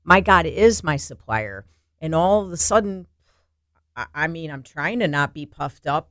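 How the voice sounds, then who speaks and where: A woman's voice: low voice, animated, a little slow, fairly bright tone, no echo, studio quality. A woman co-hosting a faith and fitness talk show, speaking earnestly and building to emphatic declarations. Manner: earnest, rising to emphatic exclaims. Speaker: co-host. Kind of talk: faith podcast conversation.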